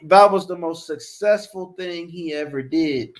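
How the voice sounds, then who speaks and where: Man, high voice, profane repetitive rant, casual talk. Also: a little slow. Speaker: commentary vlogger.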